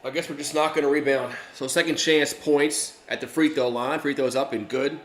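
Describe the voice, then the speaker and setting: A man calls a game live for his stream in a casual, chatty way, often restarting his sentences. His voice has a bright, forceful edge. The recording is echoey, as if in a bare room. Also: on the high side, steady tone, moderate pace, faint music behind. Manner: rambling, chatty, many fillers and restarts. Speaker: live stream play-by-play host. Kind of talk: casual play-by-play commentary.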